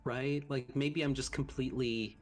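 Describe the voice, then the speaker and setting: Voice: mid-range voice, fairly even intonation, normal speed, soft background music. A stream co-host in casual chat, reading subscriber thanks and stumbling over names.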